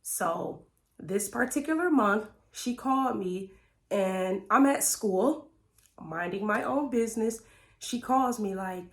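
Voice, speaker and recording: A woman's voice: mid-range voice, a little slow. A woman, telling a storytime on her vlog in a chatty way, laughing often and calling viewers y'all. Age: 30s. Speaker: vlogger. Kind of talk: casual storytime.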